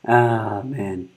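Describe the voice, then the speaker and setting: A man hosting a casual news commentary show, rambling loosely and breaking into laughter often. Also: fairly low pitch. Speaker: show host.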